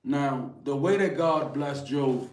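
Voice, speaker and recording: A man's voice: mid-range voice, takes it slowly, a little mellow, far from the mic. A man co-hosting a card reading stream, earnestly retelling a scripture story as a spiritual message. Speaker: card reader, co-host. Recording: roomy, off-mic with faint noise.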